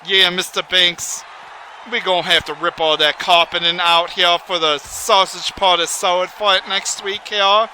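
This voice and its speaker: Guy calling a wrestling game, high bright voice, gets real worked up and rambles. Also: unhurried, a little hiss or hum, poor audio. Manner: excitable, folksy, rambling. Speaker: commentator. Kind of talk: play-by-play commentary on a wrestling video game.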